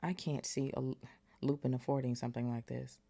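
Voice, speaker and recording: A woman reading Harry, a quiet hushed teen boy. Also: extremely low pitch, fairly even intonation, fairly quick, vocal fry, exaggerated voice. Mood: puzzled.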